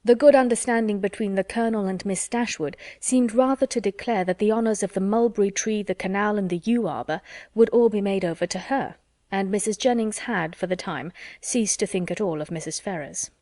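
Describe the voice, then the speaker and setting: A woman reads a classic novel aloud in a measured, even storytelling manner. Her voice sits at a middle pitch. The sound is close and dry. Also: dry recording. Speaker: audiobook narrator. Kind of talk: classic novel audiobook narration.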